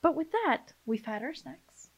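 Brief: slightly high female podcast co-host, relaxed, short answers. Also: measured pace. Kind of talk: casual chat.

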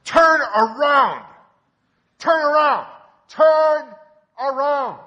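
A man's voice: fairly high pitch, sing-song, unhurried, fairly bright tone, big-room sound, voice pushed up, full character voice. A pastor doing a tipsy scruffy old man. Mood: yelling. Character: tipsy scruffy older man, eager churchgoer.

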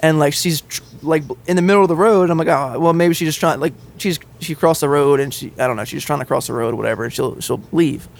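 A man co-hosting a podcast, telling a story in casual chat, animated and swearing freely as he laughs along. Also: on the high side, quick pace, vocal fry, hardly any pauses. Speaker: podcast co-host.

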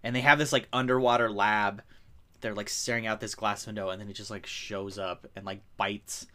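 A man co-hosting a casual podcast, recapping a film in an animated, rambling way and laughing often. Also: lowish voice, normal speed. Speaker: podcast co-host. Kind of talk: casual chat. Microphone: remote call.

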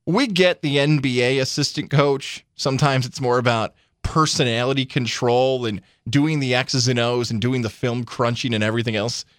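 A man's voice: mid-range voice, steady tone, normal speed, few pauses, a bit bright, no echo, clean studio sound. A man co-hosting a sports radio show, giving opinions in casual talk and mimicking imagined conversations.

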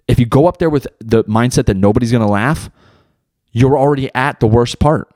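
A man's voice: medium pitch, fairly quick, darkish tone, dry recording, studio quality. A young man hosting his own podcast in casual solo talk, loose and rambling, heavy on slang and swearing. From United States. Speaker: podcast host and beginner stand-up comic.

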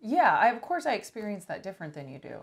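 A woman's voice: mid-range voice, very animated, quick pace, creaky. A woman who counsels couples, talking reflectively with her partner and thinking aloud. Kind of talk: casual couple's conversation.

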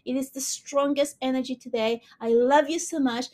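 High, fast-talking woman podcaster. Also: fairly even intonation, a little mellow. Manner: rapid, gushing and earnest. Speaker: podcast host. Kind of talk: motivational manifesting talk.

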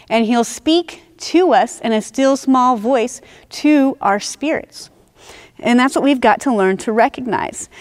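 Woman preacher, fairly high voice, earnest teaching sermon, slows to stress key phrases.

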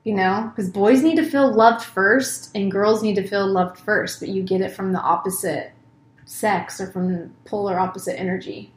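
A woman's voice: medium pitch, fairly even intonation, moderate pace, reverberant. A woman in her thirties talking casually and openly as a co-host, swearing freely and acting out her own words. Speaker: podcast co-host, mother. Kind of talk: casual conversation.

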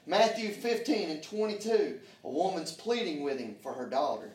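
A pastor with a voice on the high side and lively intonation preaches at a normal speed in a church sanctuary. He's fervent and folksy, with folksy grammar, calling out to the congregation for answers. The sound is a little mellow, reverberant, and distant-miked.

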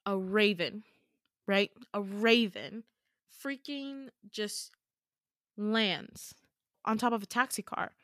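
A woman podcast host telling a story casually, chatty and animated, swearing freely. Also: medium pitch, no room sound, studio quality. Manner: chatty, profane, animated retelling.

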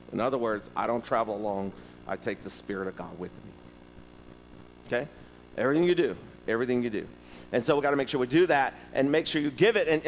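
A man preaching a sermon, telling stories and talking directly to the congregation in a lively, conversational way. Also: medium pitch, big-room sound, slight background noise, rough recording. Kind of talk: sermon with storytelling.

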